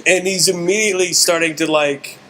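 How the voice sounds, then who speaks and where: A man casually telling a comedy story on a podcast, animated, with his voice jumping up whenever he acts out his own excited shouting. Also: high voice, a little fast, a crowd in the background.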